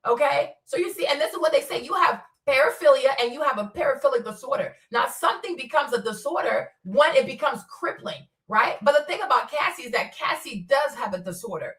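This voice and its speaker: A woman's voice: sits high, lively intonation, a little fast, hardly any pauses, fairly bright tone, roomy sound, distant mic. A woman hosting a casual commentary stream, blunt and profane, laughing often as she rants. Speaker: commentary host.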